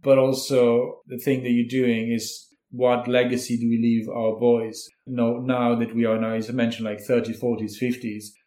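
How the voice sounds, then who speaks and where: A man who works as a therapist, a guest speaking in a measured, reflective and gentle way. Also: mid-range voice, level tone. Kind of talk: calm conversational interview. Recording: roomy, echoey sound.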